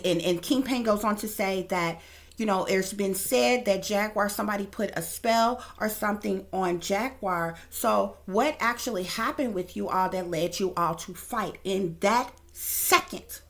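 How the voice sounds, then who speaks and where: A woman's voice: medium pitch, unhurried. A woman psychic reader giving casual, blunt, profane commentary straight to her viewers.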